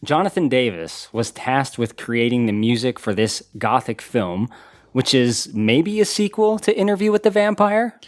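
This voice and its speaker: A man in his thirties runs a trivia game on a casual podcast. His voice sits at an ordinary middle pitch and stays chatty and easygoing. He laughs often and reads each clue out plainly, with faint music under him. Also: expressive, normal speed. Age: 30s. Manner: chatty, laughs easily, reads clues aloud. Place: in-person podcast studio.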